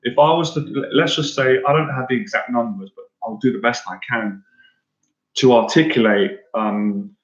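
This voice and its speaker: A man's voice: mid-range voice, normal speed. A man speaking earnestly and emotionally in a live-stream monologue, often stumbling and repeating himself as a coach. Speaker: dating and anxiety coach. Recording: roomy, dull lo-fi sound.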